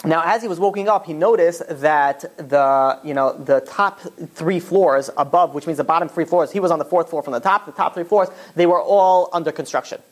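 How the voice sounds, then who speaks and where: A rabbi giving a Torah class, telling stories in an animated, casual way full of fillers. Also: male voice, on the high side, normal speed. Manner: animated storytelling, casual filler-heavy talk. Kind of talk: Torah class lecture with storytelling.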